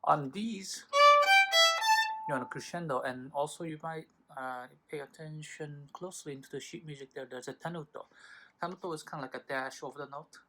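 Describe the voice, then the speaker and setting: A man's voice: fairly high pitch, steady tone, fast, loud music behind the voice. A man teaching a violin lesson in a patient, informal way, with frequent fillers and self-corrections. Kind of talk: instructional tutorial. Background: violin playing between phrases.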